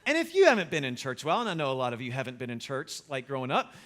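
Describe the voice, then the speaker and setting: A man preaching a sermon as pastor, telling a funny story in a lively, self-mocking way. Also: mid-range voice, quick pace.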